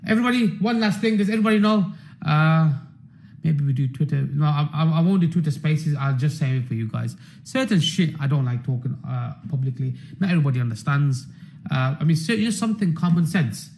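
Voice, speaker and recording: A man rants to his members in a loose, profane ramble, stumbling over and repeating his words. His voice sits a little high for a man yet sounds dark and mellow. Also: animated, a little fast, gravelly, rough recording. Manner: rambling, swearing, repeats himself. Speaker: trader hosting a members' market stream. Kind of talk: casual profane rant to members.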